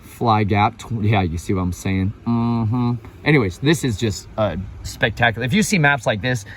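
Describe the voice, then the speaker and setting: A man vlogging outdoors in a preachy, excitable way, exclaiming at the scenery and slipping into sermon-like asides. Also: medium pitch, normal speed, slight background noise, low-quality recording. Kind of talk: preachy outdoor travel vlog.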